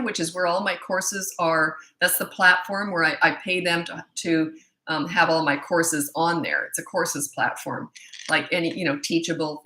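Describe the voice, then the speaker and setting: A woman's voice: on the low side, pushed and bright, reverberant. An older woman from Canada, a parenting coach chatting casually on a livestream, self-mocking and laughing often. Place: at home in British Columbia.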